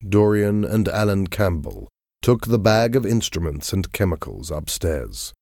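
Slow, measured male audiobook narrator. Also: sits low, very animated, gravelly, darkish tone, no echo, clean studio sound. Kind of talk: audiobook narration of a graded reader.

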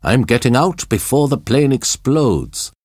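A man's voice: medium pitch, sing-song, unhurried, darkish tone, dry recording, pitched above the performer's own voice. Man voicing a rude selfish plane owner, complaining, storybook reading, dry close sound. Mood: irritated.

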